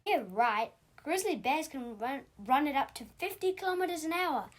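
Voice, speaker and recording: High-voiced lady picking holes in a story, skeptical, bouncy tone. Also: lively intonation, moderate pace. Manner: questioning, nitpicking. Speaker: skeptical listener.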